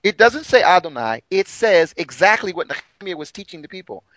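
A man's voice: high voice, sing-song, fairly quick, a bit bright, no echo, low-quality recording. A man telling a long story in an emphatic way during a podcast conversation. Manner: emphatic, retells dialogue with exaggerated quoted voices. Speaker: guest.

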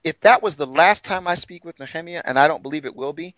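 A man's voice: a little high, fast, a bit bright, no echo, rough recording. A man telling a long story in an emphatic way during a podcast conversation. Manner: emphatic, retells dialogue with exaggerated quoted voices. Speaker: guest.

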